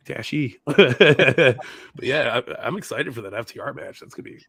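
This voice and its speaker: A man's voice: medium pitch, fast, creaky, fairly bright tone, no echo, studio quality. A man co-hosting a casual wrestling chat podcast, laughing often and swearing casually as he talks. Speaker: podcast co-host.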